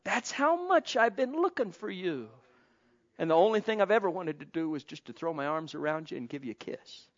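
High-voiced preacher man, impassioned sermon. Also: lively intonation, fairly quick. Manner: impassioned, swinging between soft pleading and loud exclamation; calls out to the congregation. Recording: dull lo-fi sound.

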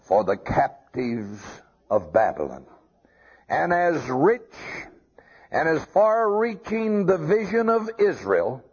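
A man's voice: mid-range voice, a little mellow, husky. A man preaching a sermon, quoting scripture and rising to emphatic peaks. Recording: dull lo-fi recording.

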